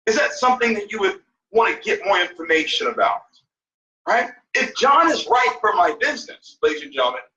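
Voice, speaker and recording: His voice is extremely high and sharp in tone as this male network marketing mentor coaches on a mentorship call, emphatic and repetitive, frequently asking "right?". It comes through a phone or conference line, sounding dull, echoey, and distant from the mic.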